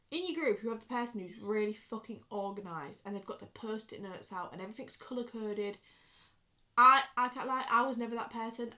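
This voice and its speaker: A woman's voice: mid-range voice, fairly bright tone. A British woman in her twenties ranting casually to the camera, swearing freely and going off on rambling tangents. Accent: British English. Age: 20s. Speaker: vlogger.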